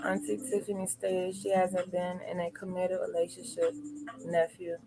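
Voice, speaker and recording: A woman hosting a live stream, reading out viewer comments and reflecting on them in a relaxed, affirming way. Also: fairly low pitch, normal speed, soft background music, rough recording. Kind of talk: casual chat.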